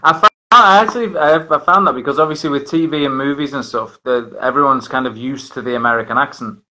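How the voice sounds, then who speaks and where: A man's voice: medium pitch, fast, sharp tone, rough recording. Rambling man. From northern England. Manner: rambling, many restarts and fillers. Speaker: host. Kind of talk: casual chat.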